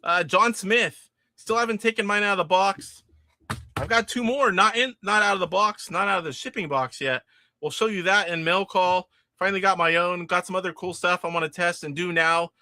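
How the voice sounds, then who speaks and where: A man's voice: high voice, normal speed, sharp tone, no room sound. A man from California hosting a livestream, chatting casually and rambling as he reads out viewer comments. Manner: chatty, rambling, frequent restarts and laughs. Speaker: livestream host.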